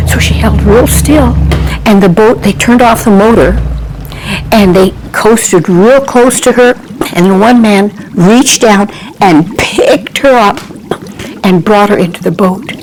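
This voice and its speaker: Animated woman telling a children's story. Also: fairly high pitch, measured pace, a little hiss or hum, low-quality recording. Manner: animated, asks listeners questions, hushes for suspense. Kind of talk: Bible-themed children's story.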